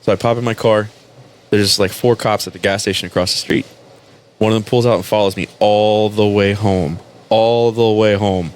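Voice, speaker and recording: A man's voice: fairly low pitch, normal speed, a little hiss or hum. Male podcast host, casual storyteller, swears a lot and voices every side of his stories. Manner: profane, animated, acts out both sides of his stories.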